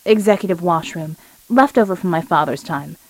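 A woman's voice: fairly low pitch, expressive, fairly quick, dry recording, low-quality recording. A woman voicing a hesitant male team leader in a dry, close recording. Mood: uneasy. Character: male team chief, uneasy.

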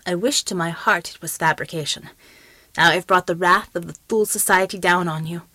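Lady doing a stern guy, formal and grave, low-ish. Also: fairly even intonation, a little fast, bright, forceful tone, dry recording. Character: stern German man with superhuman reflexes.

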